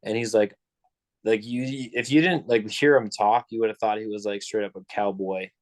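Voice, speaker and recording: Rambling young man, low voice. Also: fairly even intonation, normal speed, no echo. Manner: rambling, full of "like" and restarts. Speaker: podcast co-host. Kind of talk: casual storytelling chat.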